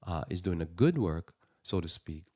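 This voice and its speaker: Low-pitched guy rambling on christian talk radio, lots of restarts, dry close mic. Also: expressive, moderate pace, a little mellow, no room sound. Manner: rambling, repeats words, restarts sentences. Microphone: radio studio mic.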